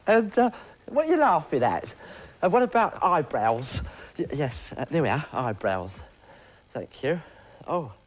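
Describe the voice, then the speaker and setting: A man's voice: fairly high pitch, big pitch swings, measured pace. A man presenting a children's TV show, chatting playfully and coaxingly. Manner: chatty, coaxing, talking to a puppet. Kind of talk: playful kids' show patter.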